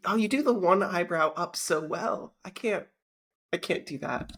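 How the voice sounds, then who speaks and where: A woman's voice: on the low side, normal speed, a bit bright, breathy edge. A woman co-hosting a podcast in casual chat, adding playful, joking asides. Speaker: podcast co-host.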